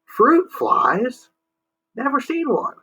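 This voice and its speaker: A man's voice: extremely high pitch, very animated, extremely slow, pushed and bright, breathy edge, pitched above the performer's own voice, exaggerated voice. A man voicing the moon as a sleepy, hard-of-hearing old man who keeps mishearing. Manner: drowsy, mishearing, cranky then kind.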